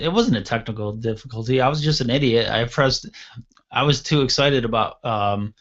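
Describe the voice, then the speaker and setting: A man's voice: mid-range voice, moderate pace, fairly bright tone, lo-fi sound. Blunt, rambling male radio host. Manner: rambling anecdotal storytelling; blunt, casually profane. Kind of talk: casual storytelling chat.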